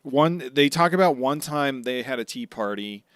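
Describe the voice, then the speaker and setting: Animated man retelling a story. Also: normal speed, no room sound, studio quality. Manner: animated storytelling, acts out characters' lines in sudden high voices. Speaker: podcast co-host. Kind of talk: casual chat recapping a comic.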